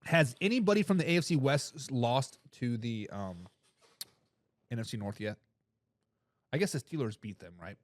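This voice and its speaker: A man hosting a live sports talk show, giving loud opinions on football and reading out viewer comments. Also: mid-range voice, moderate pace, pauses often, no room sound. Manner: animated, opinionated, reads chat comments aloud.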